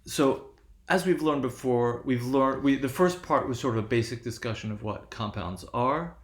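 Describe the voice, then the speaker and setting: A man's voice: mid-range voice, moderate pace. Man lecturing in an echoey room. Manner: explanatory, frequent "right?" checks and self-corrections. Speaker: linguistics lecturer. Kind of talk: classroom lecture on stress patterns.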